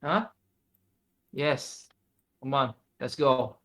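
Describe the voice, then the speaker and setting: A man taking part in a tabletop role-play. He speaks slowly, in a cautious and halting way, at an ordinary middle pitch. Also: steady tone, fairly bright tone, low-quality recording. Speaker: player.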